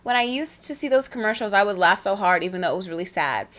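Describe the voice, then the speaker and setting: A woman from Southern Maryland co-hosting a podcast, reading listener comments in a giggly, excitable, casual way with some swearing. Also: medium pitch, fast. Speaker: podcast co-host.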